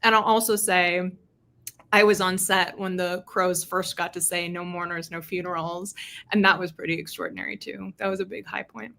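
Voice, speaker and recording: A woman's voice: on the low side, fairly even intonation, normal speed, gravelly, bright, forceful tone. A woman author speaking in a casual interview over a video call, chatty and laughing often as she tells stories. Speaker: author guest.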